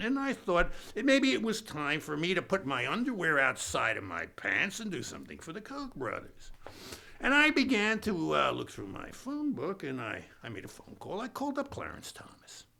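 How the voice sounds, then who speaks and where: Bombastic comic pundit man, gravelly bright voice, wild swings in pitch. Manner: boastful, bombastic, swinging between booming and hushed asides. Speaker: comedian in character as a pundit. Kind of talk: comic stand-up monologue.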